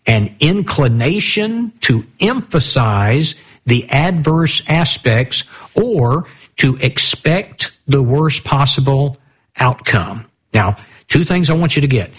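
A man leads a Bible study in a slightly husky voice at a middle pitch. He keeps asking his listeners rhetorical questions and reads scripture aloud in a plain teaching manner.

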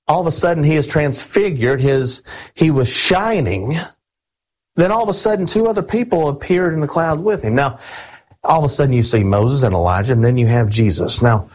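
A man delivers a sermon in a husky, slightly breathy voice. He speaks earnestly and with emphasis, often calling his listeners friends. He slows down whenever he reads scripture aloud. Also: medium pitch, a little mellow, low-quality recording. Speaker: preacher.

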